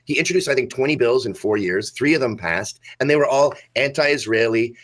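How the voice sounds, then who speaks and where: A man's voice: medium pitch, animated, fairly quick. A man on a political talk show, emphatic and scornful in his remarks.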